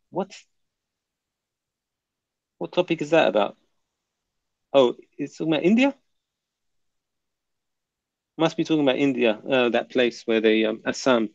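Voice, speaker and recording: A man with a gravelly, creaky voice hosts a live stream, reading viewer comments and joking around in slangy, relaxed chat. The sound is dull and lo-fi, recorded dry and close with no room echo. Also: fairly high pitch. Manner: laid-back, joking, slangy.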